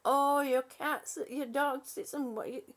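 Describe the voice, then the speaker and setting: An older woman hosts a live stream in a slow, high-pitched voice with fairly even intonation. Reading out viewers' comments, she stays chatty and warm-hearted, full of "um"s and restarts.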